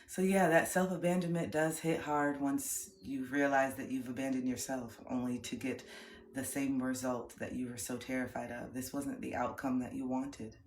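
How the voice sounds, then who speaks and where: A woman's voice: a bass voice, normal speed, slight background noise. A woman in her thirties livestreaming, talking reflectively about healing and gratitude in a casual way. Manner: reflective, spiritual, breaks into laughter and excited chanting. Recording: roomy echo.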